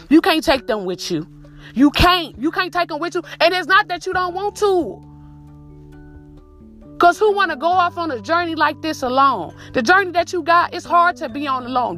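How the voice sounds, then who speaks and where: A woman's voice: sits high, a bit bright. A woman delivering a profane, repetitive motivational monologue as a podcast host, calling the listener "my baby.".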